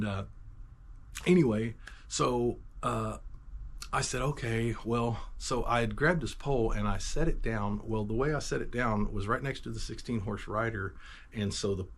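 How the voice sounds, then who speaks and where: A man with a low, gravelly voice tells his testimony as a rambling, emphatic story, often restarting and wandering into asides. Faint ambient noise sits behind him. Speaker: Christian testimony vlogger.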